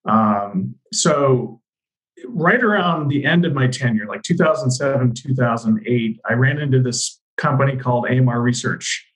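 A male industry analyst as a guest, telling his career story in a relaxed way, full of you-knows. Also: mid-range voice, moderate pace, low-quality recording. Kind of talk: conversational interview.

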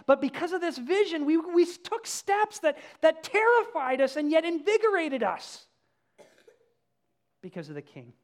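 Pastor guy preaching hard, stacks short punchy lines, then goes soft and close. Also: extremely high pitch, sing-song, unhurried. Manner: passionate, repeats himself in emphatic lists, then drops to quiet and intimate. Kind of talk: sermon.

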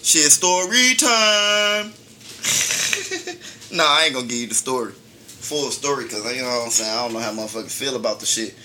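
A man's voice: mid-range voice, fairly even intonation, fast talker, sharp tone, slight background noise. A man co-hosting a casual talk show, telling a long story in a laid-back, profane way and laughing often. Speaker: podcast co-host.

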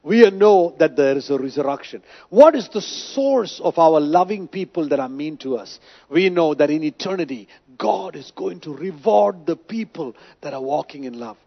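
A man's voice: on the high side, lively intonation, moderate pace, creaky, highs cut off. A man preaching a sermon with emphasis, asking the congregation rhetorical questions. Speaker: pastor.

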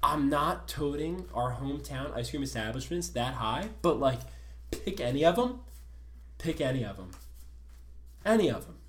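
A man with a South Jersey accent rants his way through a story on a casual podcast, loud and full of swearing. His voice is bright and forward, and it swings from mock-calm to near shouting. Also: medium pitch, moderate pace, echoey room, a little hiss or hum. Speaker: podcast co-host.

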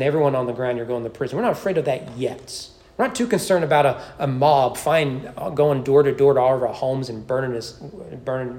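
A man preaching an evening sermon in church, emphatic, with frequent restarts and high peaks on key points. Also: a little mellow. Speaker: pastor. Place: church sanctuary.

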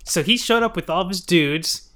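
A man co-hosting a comedy podcast tells a show recap in loose, profane fashion, laughing between lines. His voice is bright and forceful, a little high for a man. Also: moderate pace. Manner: profane, giggly storytelling. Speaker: podcast co-host.

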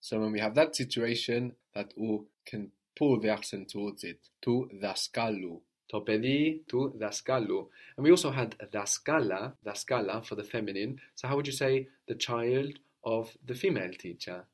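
A man's voice: mid-range voice, darkish tone. Patient male language teacher. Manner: patient, drawn-out model phrases. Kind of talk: guided language lesson.

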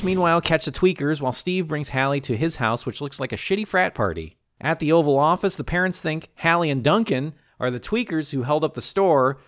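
Man, comedy podcast co-host, casual and animated, slips into character voices, dry close mic. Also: on the high side, no room sound. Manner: animated, acts out characters in quick voices, profane. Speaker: podcast co-host recapping a movie.

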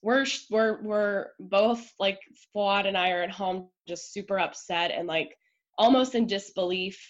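A woman guest on a podcast, telling a personal story in an emotional, chatty way full of "like" and quick asides. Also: mid-range voice, lo-fi sound.

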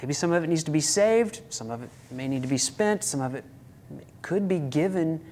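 A man's voice: on the high side, lively intonation, normal speed, a little mellow, slight background noise. A man preaching a sermon as a pastor, emphatic, with rhetorical questions and sudden rises in his voice.

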